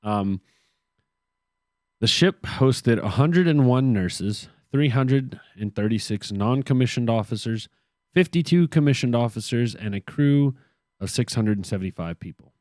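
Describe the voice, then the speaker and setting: A podcast co-host reads history from his notes, tossing in joking, sarcastic asides on a casual show. His voice is mid-range, a little mellow, with lively intonation and an unhurried pace. The recording is dry and clean, studio quality.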